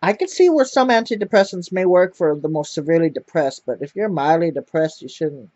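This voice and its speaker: A man's voice: on the high side, lively intonation, fairly quick, a little mellow, dry recording. A man telling a rambling personal story to camera, repeating words and swearing often. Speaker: vlogger. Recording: dull lo-fi dry sound.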